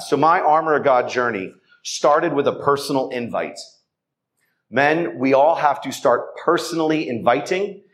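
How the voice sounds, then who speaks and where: A man gives an earnest testimony at a church men's event, turning again and again to urge the men in front of him. His pitch sits in the middle, and he delivers it as a heartfelt exhortation. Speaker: speaker at a Catholic men's event. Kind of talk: testimony talk to a men's gathering. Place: church hall.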